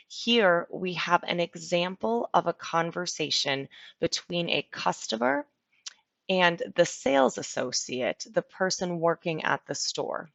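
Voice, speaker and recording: Slow, patient woman teaching vocabulary. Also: lowish voice, vocal fry, a bit bright, dry recording. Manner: patient, repeats words slowly. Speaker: ESL teacher. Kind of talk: slow, clear vocabulary lesson. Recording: dull lo-fi sound.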